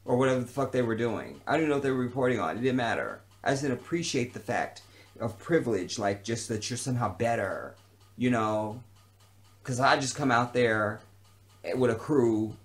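Brisk and medium-pitched, a man vlogs an unplanned rant, cursing emphatically and repeating a phrase to stress his point.

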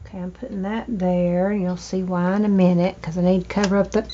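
A woman hosting a crafting video, chatting slowly to herself while she trims and glues, with hiccups now and then. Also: fairly low pitch, flat delivery, dark tone. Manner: slow, chatty, talking to herself while working. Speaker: crafting channel host. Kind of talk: casual crafting narration. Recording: dull lo-fi home recording with faint noise.

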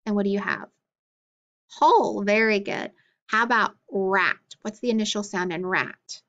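A woman teaching a phonics lesson to children, spelling out letters and sounds clearly and praising often. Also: mid-range voice, fairly even intonation, normal speed, bright, forceful tone. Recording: dull lo-fi recording.

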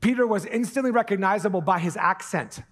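A man with a fairly high voice preaches in a church, earnest and animated. He swings from urgent appeals down to a near-hush to press a point, then loosens into casual, joking asides. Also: fairly quick. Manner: animated preaching, drops to hushed intensity for emphasis; jokey asides with put-on accents. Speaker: pastor. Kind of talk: sermon. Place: church sanctuary.

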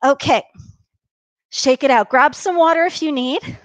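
A woman's voice: sits high, a little slow, no echo. A woman leading a live workout class, upbeat and encouraging, counting down reps and a bit out of breath from exercising along. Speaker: fitness instructor.

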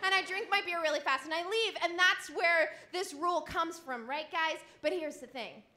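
A woman telling a frank, animated comic story on a live stage, often laughing through her lines. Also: extremely high pitch, normal speed, echoey room.

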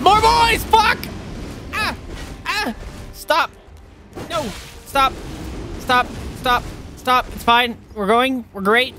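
A woman's voice: sits high, sing-song, takes it slowly, pauses often, sharp tone, slight background noise. Woman streamer shrieking and swearing at game enemies. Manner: swears, yelps and shrieks at enemies, talks to chat. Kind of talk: live gameplay commentary.

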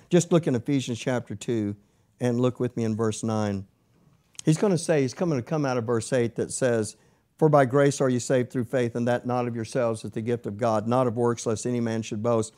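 A man's voice: medium pitch, moderate pace, dark tone. A man teaching a Bible study lesson in a conversational manner that rises to emphatic preaching.

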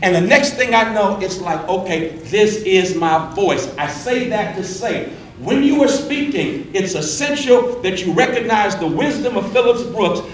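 Man, middle-aged preacher, quick animated workshop talk, fairly high voice, distant mic in an echoey room. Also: slight background noise. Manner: fast-talking, animated, repeats words when starting a thought. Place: indoor room with an audience.

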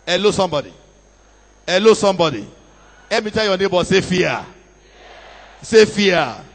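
A man's voice: sits high, very animated, moderate pace, vocal fry. A man preaching a sermon, telling a story dramatically and calling out to the congregation for responses. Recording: long reverb of a large hall.

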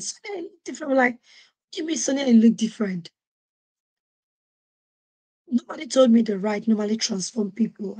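Husky-voiced woman telling a story. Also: a little high. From Nigeria. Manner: animated, acts out quoted voices. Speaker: podcast host. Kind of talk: storytelling monologue.

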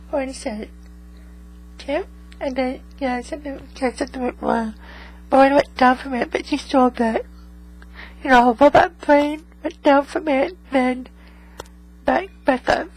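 A woman's voice: high voice, a little hiss or hum, poor audio. A woman vlogging in casual chat to her viewers, rambling and tagging most remarks with 'okay?'. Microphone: USB microphone.

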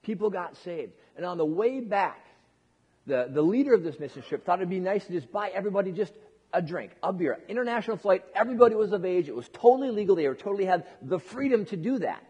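Husky-voiced pastor in a reverberant hall. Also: male voice, high voice, animated, fast talker, darkish tone. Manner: joking, conversational, with repeated restarts. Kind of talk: casual sermon.

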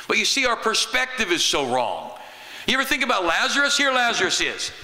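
A bright, fairly high-voiced American pastor who preaches in a folksy, joking, conversational way. His voice carries a long church reverb from the sanctuary. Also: sing-song, brisk. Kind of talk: sermon.

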